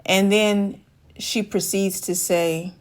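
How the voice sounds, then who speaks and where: Woman life coach talking to camera, mid-pitched voice, plays out little back-and-forth chats. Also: fairly even intonation, takes it slowly. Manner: acts out dialogue, shifting voice for quoted women. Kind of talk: direct-to-camera advice talk.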